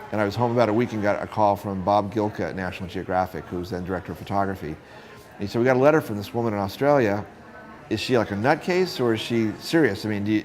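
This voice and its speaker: A middle-aged man with a low voice recounts his years as a photographer, acting out the people he met as he goes. The low voice stays easy and conversational. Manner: animated storyteller acting out quoted voices. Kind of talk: storytelling interview.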